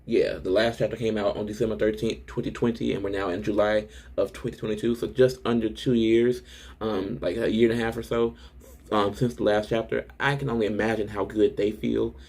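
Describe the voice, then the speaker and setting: A young man casually recapping a manga chapter and reacting to it, excited and profane, with lots of "um"s and restarts. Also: lowish voice, brisk, vocal fry.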